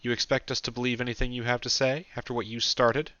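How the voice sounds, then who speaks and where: A man's voice: medium pitch, level tone, fast talker, sharp tone, dry recording, muffled recording, voice pushed up, close to an everyday voice. A man voicing an angry, sarcastic woman alchemist in an audiobook, biting and scornful in manner.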